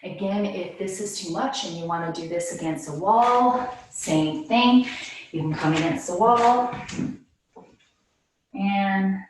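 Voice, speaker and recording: A woman teaching a guided yoga class, calmly cueing breaths while moving and a little out of breath. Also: mid-range voice, takes it slowly, slight background noise. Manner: calm, cueing breaths while doing the moves herself. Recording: very echoey room, mic at a distance.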